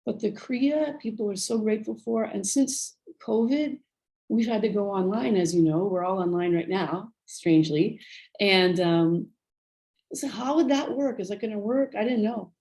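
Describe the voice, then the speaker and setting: On a video call, a woman who volunteers as a speaker in a prison program retells stories about her work, earnest and a bit rambly. Her voice is medium-pitched and dark in tone at normal speed, and the recording is rough.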